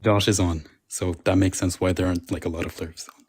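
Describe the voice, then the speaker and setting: A man with a low, husky voice joins a casual live stream. He explains things slowly and with hesitation, with plenty of fillers and restarts. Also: flat delivery, a little mellow. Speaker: stream co-guest.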